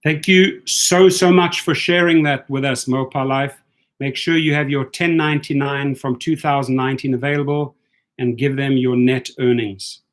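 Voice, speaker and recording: A man's voice: medium pitch, steady tone, moderate pace. A man hosting a live stream, reading viewer comments aloud and calling things out in a blunt, indignant way that often repeats itself.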